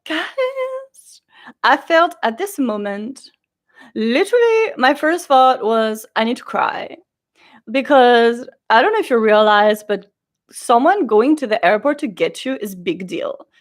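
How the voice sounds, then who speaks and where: Young female vlogger, casual and chatty, lively storyteller, slightly high pitch. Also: a little slow. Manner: chatty, animated storytelling with quoted voices. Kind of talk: casual chat.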